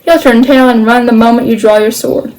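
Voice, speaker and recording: A woman's voice: fairly high pitch, steady tone, brisk, darkish tone, close to an everyday voice, low-quality recording. A woman reading a brash, scheming old knight. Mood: gleeful. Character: scheming adult male knight, boisterous prankster.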